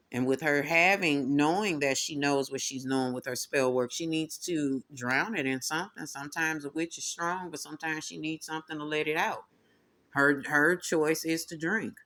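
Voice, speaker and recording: Sassy guy reading tarot cards, kinda high voice, cussing a lot. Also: a bit bright. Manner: sassy, swearing, calls listeners "y'all" and "honey". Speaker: tarot reader. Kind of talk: casual commentary.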